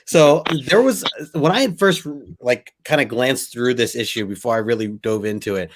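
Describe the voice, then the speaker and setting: A man's voice: medium pitch, moderate pace. Rambling, laughing man in a comic chat. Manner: rambling, laughs often, quotes his own reactions. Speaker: podcast co-host. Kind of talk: casual comic book discussion.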